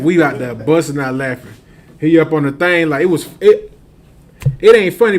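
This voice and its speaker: A man's voice: a little high, slight background noise. A man telling a long street story in casual slang, laughing often and acting out the other voices.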